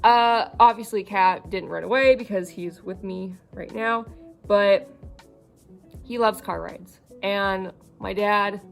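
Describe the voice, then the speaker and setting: A young woman vlogger talking casually about her cat, halting with many fillers and fighting back tears. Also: medium pitch, vocal fry, soft background music. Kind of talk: casual vlog.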